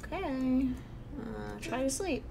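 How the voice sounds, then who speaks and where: A woman's voice: high-pitched, animated, slow, vocal fry, background noise. Chatty young woman playing a game. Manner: chatty, reacts aloud, often hushed. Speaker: let's play host. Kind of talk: casual gameplay commentary.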